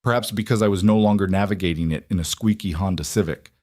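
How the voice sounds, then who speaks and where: A man narrating a scripted first-person drama story in a steady, dramatic way. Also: low-pitched, quick pace, no room sound, clean studio sound.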